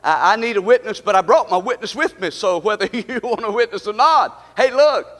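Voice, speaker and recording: A man's voice: high-pitched, expressive, a little fast, a bit bright. A man, a pastor preaching a sermon in a church, calling out to the congregation with a rising and falling delivery. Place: church sanctuary. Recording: live stream with long hall reverb.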